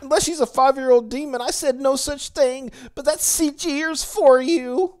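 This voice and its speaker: A man doing a high, strained impression of a self-righteous middle-aged male comic creator, squealing in indignation. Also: fairly even intonation, normal speed. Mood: indignant.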